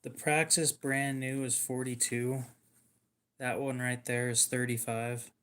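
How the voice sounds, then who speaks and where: A man chatting casually on a livestream while showing knives for sale, speaking in a flat monotone. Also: mid-range voice, measured pace, clean tone. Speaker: livestream knife seller.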